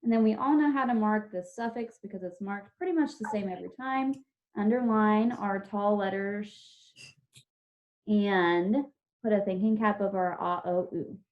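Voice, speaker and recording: A woman's voice: mid-range voice, moderate pace. A woman teacher giving a patient, step-by-step spelling lesson to children over a video call, sounding out each syllable and letter. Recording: dull lo-fi video call audio.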